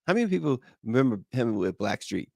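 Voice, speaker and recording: A man with a gravelly, creaky voice hosts a live morning show, recorded close and dry. He rambles loosely and jokes as he reads out viewer comments, laughing often. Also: mid-range voice, sing-song, quick pace, dark tone, no room sound.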